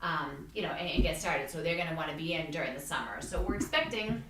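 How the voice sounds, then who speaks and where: A woman's voice: deep voice, fast talker, background noise. A woman real estate agent hosting a podcast in casual chat, telling stories and acting out what people said. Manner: chatty storyteller, acts out quotes. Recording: echoey room, mic at a distance.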